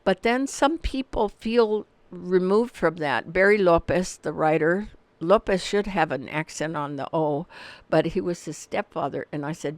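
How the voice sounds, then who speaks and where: An older woman talks in a fairly low voice, close to the mic in a dry room. She tells stories in an animated way and acts out the voices of the people in them. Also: measured pace, dry recording. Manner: animated storyteller, acts out quoted dialogue. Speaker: author and activist guest. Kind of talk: casual conversation.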